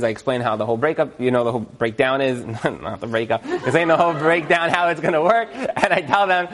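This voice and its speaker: A man teaching about marriage in a casual, animated way, acting out little scenes and chuckling as he goes. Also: medium pitch, brisk, hardly any pauses. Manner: animated, acts out quotes, chuckles often. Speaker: marriage educator.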